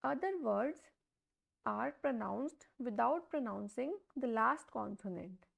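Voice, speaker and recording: A high-voiced woman teaches a beginners' pronunciation lesson. She speaks slowly and deliberately, repeating each example word, and her voice has a gravelly, creaky edge. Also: animated. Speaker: language teacher. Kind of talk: slow step-by-step pronunciation lesson.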